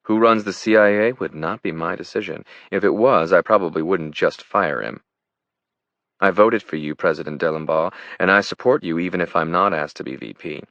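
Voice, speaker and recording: A man voicing a calm, ambitious woman governor in an audiobook. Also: deep voice, dry recording, lo-fi sound. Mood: earnest. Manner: measured and calm. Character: female governor, composed and ambitious.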